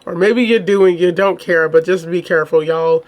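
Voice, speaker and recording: A woman's voice: on the low side, moderate pace. A woman hosting a true crime channel who reads a case report and then reacts in casual, indignant chat full of rhetorical questions. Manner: casual, chatty, addresses viewers as y'all.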